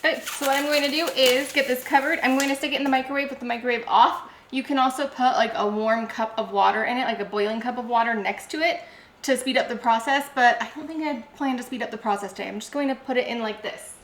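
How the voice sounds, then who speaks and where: A woman's voice: on the high side, fast talker, noisy background. Chatty woman cooking in an echoey kitchen. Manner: chatty, talks herself through each step. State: out of breath. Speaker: home cooking vlogger. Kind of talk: casual cooking narration. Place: home kitchen.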